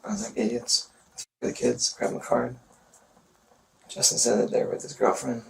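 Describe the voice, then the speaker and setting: A man speaking haltingly in a police interview, pausing often, in a gravelly voice. He sits away from the microphone, and faint noise runs under his voice. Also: medium pitch, flat delivery, recorded from a distance. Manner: halting, hesitant, full of pauses. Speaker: murder suspect in a police interview. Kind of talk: recounting events in an interview.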